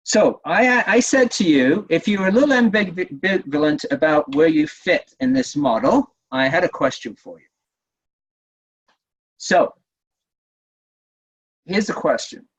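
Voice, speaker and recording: A man running a communication-skills webinar, talking in a lively way, repeating himself and checking in with "right?". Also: a little high, unhurried, long pauses, slightly rough. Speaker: workshop trainer. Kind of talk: webinar teaching. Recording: dull lo-fi webinar audio.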